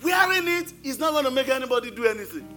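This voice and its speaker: A man's voice: extremely high pitch, animated, fast, bright, forceful tone, faint music behind. A middle-aged male pastor preaching a sermon, emphatic and repeating his key phrases. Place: church.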